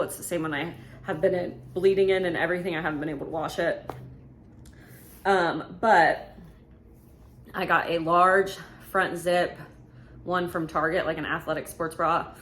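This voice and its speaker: A woman's voice: fairly low pitch, fairly bright tone, a little hiss or hum. A woman, talking casually through a Q&A vlog, frank and full of fillers. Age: 20s. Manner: chatty, filler-heavy, frank. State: slightly out of breath. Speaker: vlogger.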